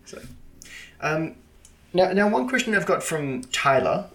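A man's voice: on the high side, big pitch swings, measured pace, fairly bright tone. Stammering man hosting a casual chat. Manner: friendly, stammering restarts. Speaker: podcast host.

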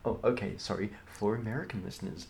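A man, the game master, narrating a tabletop game in a relaxed, rambling way with lots of fillers. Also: on the low side, fast talker, creaky.

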